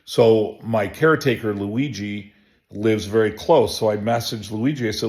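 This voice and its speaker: A chiropractor telling a personal story in a relaxed, rambling way, full of restarts and fillers. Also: male voice, on the low side, normal speed, creaky. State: emotional. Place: home.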